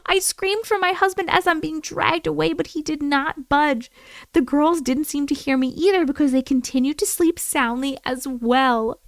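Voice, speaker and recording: A woman hosting a live stream, reading viewer stories aloud and reacting with animated exclamations and swearing. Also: high-pitched, no room sound.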